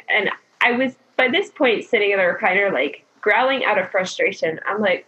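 A woman casually telling her birth story as a guest, chatty and animated, quoting people often. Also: mid-range voice, normal speed. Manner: chatty, animated retelling with frequent "like" and laughter. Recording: dull lo-fi recording.

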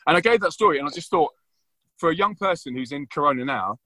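A man's voice: on the high side, expressive, fast talker, sharp tone, no room sound. A man, a guest speaker on a video call, telling stories with earnest, preaching enthusiasm. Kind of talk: animated storytelling on a video call.

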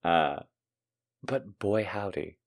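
Man, young adult, podcast host, rambling, crude, self-mocking, lively voice. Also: low-pitched, takes it slowly. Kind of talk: casual comedic monologue.

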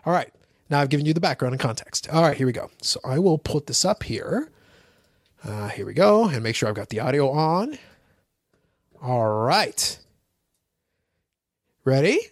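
A male podcast host chats in a casual, teasing way. His voice is lively and swoops around, sitting a little high. The sound is dry and close to the mic. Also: normal speed, pauses often, dry recording. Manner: animated, playful, teasing. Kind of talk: casual chat.

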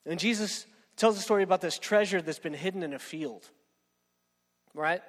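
High-voiced preacher in a reverberant hall. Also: male voice, moderate pace. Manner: conversational, keeps asking "right?". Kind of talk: sermon with storytelling.

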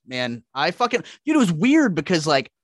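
A man telling animated, profanity-laced stories as a podcast guest in casual chat. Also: on the high side, moderate pace, no room sound, studio quality. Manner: profane, animated, acts out quotes.

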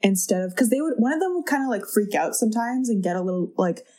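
Excitable young woman, animated voice. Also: mid-range voice, fast. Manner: excitable, swears casually, animated retelling. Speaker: podcast co-host. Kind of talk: casual chat about a movie.

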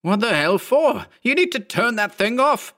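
Brief: male narrator playing a frantic thirty-something loner, high-pitched, loud, swearing and yelling. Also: expressive, moderate pace, creaky, heavily acted. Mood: angry. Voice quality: shrill, swearing yells. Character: panicked balding thirty-year-old man, foul-mouthed.

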